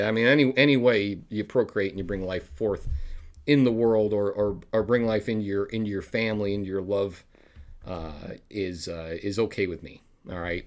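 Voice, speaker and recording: A man hosting a public access show, rambling through a sign-off and laughing at his own bad jokes. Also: lowish voice. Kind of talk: rambling live sign-off chat.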